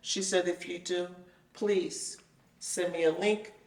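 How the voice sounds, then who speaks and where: Animated storytelling woman in a roomy space. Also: lowish voice, slow. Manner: animated, acts out the conversations she retells. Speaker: guest telling her experience. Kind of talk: casual storytelling. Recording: roomy sound, mic at a distance.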